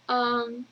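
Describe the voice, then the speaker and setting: Slow-talking high-voiced young woman vlogger. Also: muffled recording. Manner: rambling, giggly, lots of fillers. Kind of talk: casual video journal.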